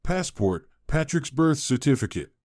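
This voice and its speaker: A man voicing a proud, hurt man who speaks in a steady, accusing way, in a storybook reading. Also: on the high side, unhurried, dry recording, clean studio sound, pitched above the performer's own voice.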